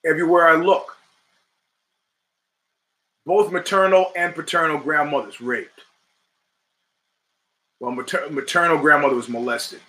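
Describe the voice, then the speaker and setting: A middle-aged man holds forth as a podcast host in a forceful, bright-edged voice pitched a little above the usual male range. He talks in an emphatic, rhetorical way, firing off questions and repeating phrases to drive points home. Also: fairly even intonation, a little slow, long pauses. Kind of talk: opinionated monologue.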